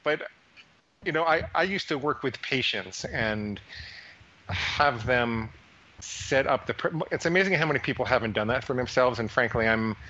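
A man's voice: mid-range voice, lively intonation, normal speed, bright, forceful tone, dull audio. A man hosting an interview in casual talk, who stammers and often repeats words. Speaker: podcast host.

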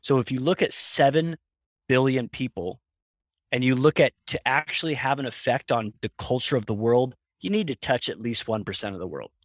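A man being interviewed as a company founder, telling stories in a lively way and acting out voices in his anecdotes. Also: mid-range voice, moderate pace, no room sound. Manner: animated storyteller, acts out voices in anecdotes, laughs often. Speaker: founder and guest. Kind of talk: conversational interview storytelling.

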